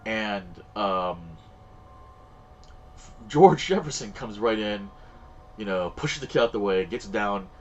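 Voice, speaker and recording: A man's voice: lowish voice, expressive, takes it slowly, pauses often, a little mellow, dull audio. A man streaming a game and chatting casually, telling stories in a rambling way and acting out the voices of the people in them. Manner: rambling storyteller, acts out quoted voices. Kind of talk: casual chat while gaming.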